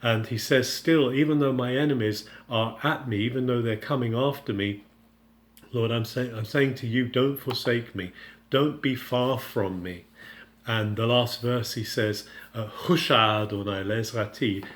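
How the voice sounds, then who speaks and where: Speaking at medium pitch, a man offers an earnest devotional Bible teaching without a script. He often halts and restarts, and he paraphrases scripture in the first person.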